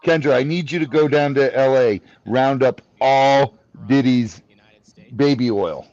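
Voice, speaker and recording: A man's voice: medium pitch, a little slow, a little mellow, dry recording, highs cut off. A man co-hosting a live stream, joking and exclaiming in casual chat.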